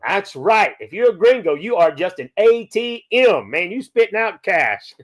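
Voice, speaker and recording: A man's voice: high-pitched, sing-song, a little slow. A folksy man, hosting a live chat and answering viewer questions, often tagging his points with "okay?". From Louisiana. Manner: folksy, peppers talk with "okay?". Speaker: podcast host.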